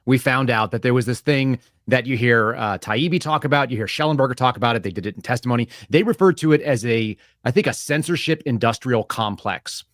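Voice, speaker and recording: A man's voice: medium pitch, fairly bright tone, no room sound, studio quality. A man who is a former FBI agent, a guest on an interview show, telling stories and explaining in a chatty way. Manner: fast, chatty, tells anecdotes with voiced quotes. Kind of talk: interview storytelling.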